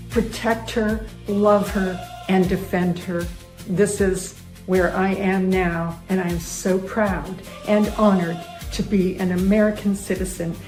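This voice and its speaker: A woman's voice: medium pitch, a little mellow, reverberant. A woman in her fifties from Canada, speaking earnestly and emotionally as a guest. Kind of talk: heartfelt personal talk.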